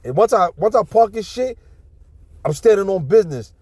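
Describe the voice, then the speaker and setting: A man's voice: sits high, expressive, moderate pace, a little mellow, slightly rough, no room sound. Blunt, profane man ranting close to the mic. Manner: blunt, profane and preachy, with repeated restarts. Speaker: commentator reacting to a video clip. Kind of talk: casual ranting commentary.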